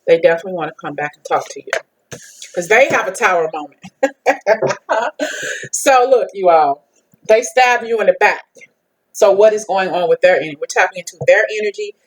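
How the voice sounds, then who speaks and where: A woman's voice: mid-range voice, low-quality recording. A woman giving a casual tarot card reading, talking bluntly and repetitively and swearing freely. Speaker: tarot reader and psychic medium.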